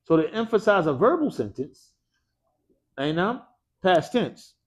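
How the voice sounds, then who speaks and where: A man's voice: fairly high pitch, very animated, measured pace. A man teaching an Arabic grammar class in a mosque classroom. He speaks with energy, keeps quizzing his students with "what?" prompts and drops casual slang.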